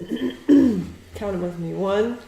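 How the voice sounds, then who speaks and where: Slow, patient woman teaching reading. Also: mid-range voice, lively intonation, creaky, dark tone. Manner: patient, encouraging, praising often. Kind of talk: one-on-one reading lesson. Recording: echoey room with faint noise.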